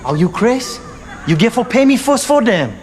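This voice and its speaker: A man's voice: very high voice, sing-song, normal speed. An actor playing a shady male arms broker who haggles in broken English, in film audio. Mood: haggling. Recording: reverberant film audio with faint ambient noise.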